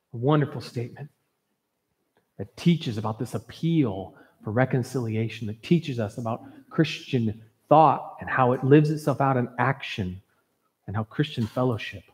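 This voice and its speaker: A man's voice: medium pitch, normal speed, a little mellow. Man, pastor, earnest emphatic sermon, conversational asides, long church reverb. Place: church sanctuary.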